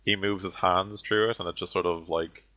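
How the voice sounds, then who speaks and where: Deep gravelly guy running a tabletop game, lots of uhs, dull lo-fi audio. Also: fairly even intonation, normal speed, bright, forceful tone. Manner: hesitant, many fillers. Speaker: game master.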